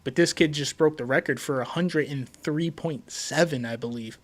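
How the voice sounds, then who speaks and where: This is a Puerto Rican podcast host on a relaxed sports show, with a higher-than-typical male voice and a moderate pace. His excited delivery is full of stumbles, repeated words, and fillers.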